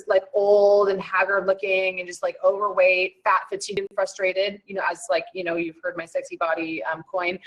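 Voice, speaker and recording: A woman wellness coach hosting an online challenge, talking in a chatty, rambling and animated way with many fillers. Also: medium pitch, rough recording. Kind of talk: casual chat.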